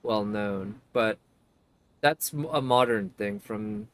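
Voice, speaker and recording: A man's voice: fairly low pitch, slow pace. A man giving casual gameplay commentary as a streamer, chatty and thinking aloud, often laughing. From United States.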